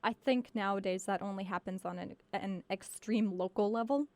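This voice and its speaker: A woman hosting a casual radio interview from a studio, giving frequent soft backchannels. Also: mid-range voice, moderate pace, no echo. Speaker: host.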